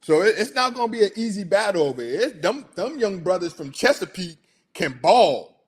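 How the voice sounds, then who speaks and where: A man's voice: sits high, big pitch swings, brisk, breathy edge. A middle-aged man hosting a casual sports talk show, chatty and hyped, laughing often.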